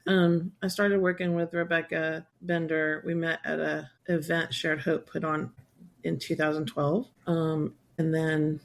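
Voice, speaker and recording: A woman's voice: low voice, level tone, unhurried, creaky, slight background noise. A woman in her sixties, a guest on an interview podcast, telling her story candidly and at length, sometimes acting out what people said. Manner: candid, rambling, acts out quoted voices. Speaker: guest, survivor advocate.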